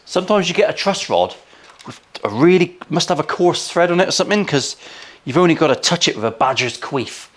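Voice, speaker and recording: A man's voice: fairly high pitch, expressive, a little fast. Bloke in his 40s working on a guitar in his workshop, cheeky, sweary jokes thrown in. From England. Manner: cheeky, sweary, crude asides. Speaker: luthier. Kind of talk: casual workshop commentary.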